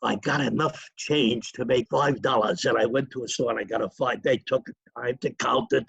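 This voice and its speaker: An older man, his voice gravelly and husky. He drifts from one memory to the next in a rambling, chatty way. The sound is close and dry. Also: medium pitch, steady tone, normal speed, fairly bright tone, no echo, muffled recording. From New York. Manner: rambling, digressive storytelling with chuckles. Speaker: interview guest. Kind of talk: reminiscing in a casual interview.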